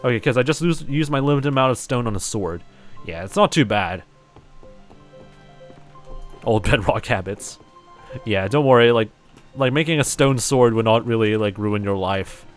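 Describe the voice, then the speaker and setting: A man's voice: medium pitch, animated, moderate pace, long pauses, soft background music. Rambling Kiwi man chatting while gaming. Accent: light New Zealand, somewhat American-sounding. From New Zealand. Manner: rambling, heavy use of "like" and "um", many restarts. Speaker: game streamer. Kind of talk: casual live-stream chat while gaming, reading chat aloud.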